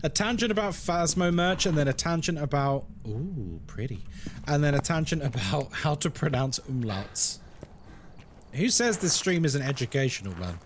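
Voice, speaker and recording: A man's voice: on the high side, animated, normal speed, slight background noise. A man hosting a casual game live stream, joking and laughing with his chat. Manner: playful, joking, laughs often.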